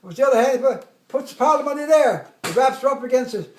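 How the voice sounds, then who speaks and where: A man in his eighties tells an old army story in a strikingly high voice, rambling and laughing as he acts out the other people's lines. The sound bounces around an echoey room. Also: lively intonation, quick pace, slight background noise. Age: 80s. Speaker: army veteran telling war stories. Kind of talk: casual storytelling at home.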